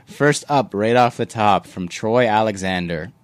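A man's voice: lowish voice, unhurried, no echo. A man hosting a casual sneaker podcast, reading listener messages and joking with his co-hosts. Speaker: podcast host. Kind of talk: casual chat.

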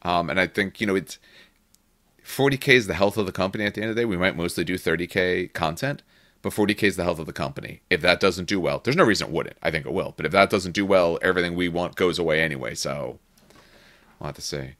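A very low-voiced man talks through his opinions in casual podcast chat, circling back and restarting. His tone has a bright, forceful edge. The sound is dry and close. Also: quick pace, dry recording. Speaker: podcast host.

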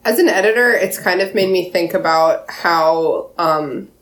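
A woman who works as a book editor, talking thoughtfully and in a measured way in a casual podcast chat. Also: lowish voice. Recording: roomy echo.

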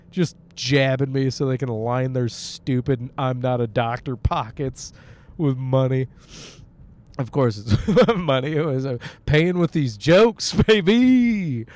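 A man's voice: medium pitch, unhurried, a little mellow. A man hosting a podcast, talking casually while driving, sick with a sore throat, joking, swearing and laughing often. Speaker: podcast host. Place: car, on the road.

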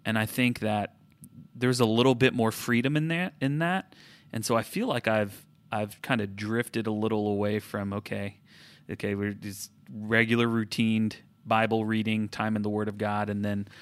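A man's voice: lowish voice, fairly even intonation, normal speed, smooth, no room sound. A man in his thirties co-hosting a casual talk about faith, reflective and often restarting his sentences. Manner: reflective, self-correcting, with frequent restarts. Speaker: podcast co-host.

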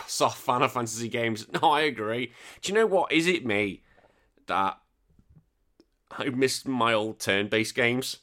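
A man's voice: mid-range voice, bright, forceful tone. A man hosting a retro gaming podcast, chatting casually and joking with plenty of swearing as he reads out listener comments. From United Kingdom. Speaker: podcast host.

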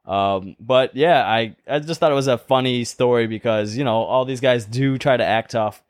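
A man's voice: mid-range voice, moderate pace, no room sound. A man co-hosting a casual podcast, telling a news story and reviewing a cigar, laughing often. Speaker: podcast co-host. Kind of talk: casual chat.

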